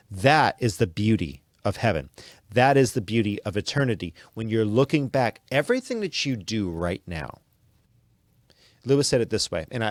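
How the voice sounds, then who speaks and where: A man's voice: lowish voice, dry recording, studio quality. A man hosting a podcast, talking earnestly in a preaching manner and reading quotes aloud. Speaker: podcast host. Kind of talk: sermon-like commentary.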